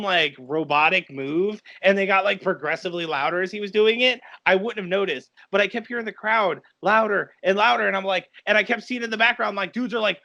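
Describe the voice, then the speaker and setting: A man co-hosting a wrestling review podcast, telling stories excitedly with lots of fillers in casual chat. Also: high-pitched, creaky. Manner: excitable, quick storytelling with many fillers. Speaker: podcast co-host.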